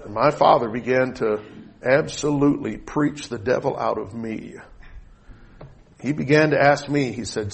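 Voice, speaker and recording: A middle-aged man preaching a sermon, telling a personal story with rising excitement and reading scripture aloud. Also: mid-range voice, moderate pace, creaky, slight background noise. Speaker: pastor.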